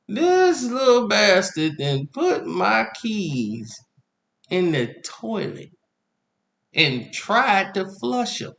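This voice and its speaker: A man spinning a comic personal story with an animated, bright delivery. His pitch sits high and swings widely as he acts out each moment. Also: extremely slow, creaky, pauses often. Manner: animated, acts out the scene, laughs while telling.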